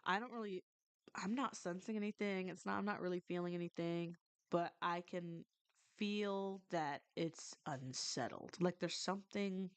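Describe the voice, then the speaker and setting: A woman's voice: on the low side, a little slow, clear, resonant tone, no echo. A woman casually telling a ghost story to her stream, rambling with many restarts and some swearing.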